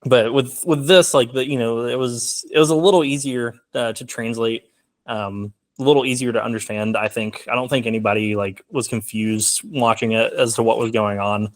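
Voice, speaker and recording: A man's voice: medium pitch, fairly even intonation, moderate pace. A young man talking casually as a film guest in an interview, rambling with many fillers. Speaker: filmmaker guest.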